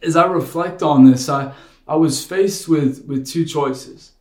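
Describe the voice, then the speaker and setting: A man's voice: on the high side, a little slow, darkish tone. A man in his thirties giving a casual, earnest online sermon from his home studio. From United States. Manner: earnest, conversational, personal. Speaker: pastor. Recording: roomy bedroom home studio.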